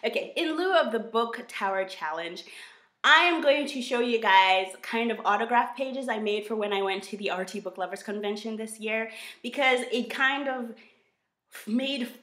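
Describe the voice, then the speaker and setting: A woman with an American accent chatting in a bubbly, expressive way on her book vlog. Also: on the high side, normal speed. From United States. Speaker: book vlogger. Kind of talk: casual vlog chat. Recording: roomy echo.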